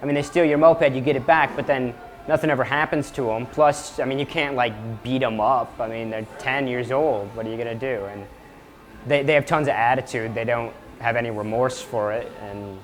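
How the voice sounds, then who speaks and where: A man's voice: medium pitch, steady tone, brisk. Man, casual interview, conversational, explanatory, faint music behind. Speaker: moped club member.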